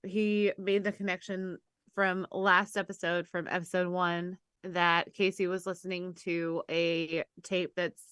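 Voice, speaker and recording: A woman co-hosting a casual podcast in a bright, crisp voice. She rambles quickly and breaks into giggles between her points. The sound is dry and close. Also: on the low side, no room sound. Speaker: podcast co-host.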